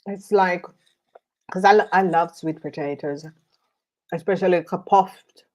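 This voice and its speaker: A woman's voice: fairly low pitch, measured pace, a little mellow. A woman tarot reader chatting casually while eating, rambling with many fillers.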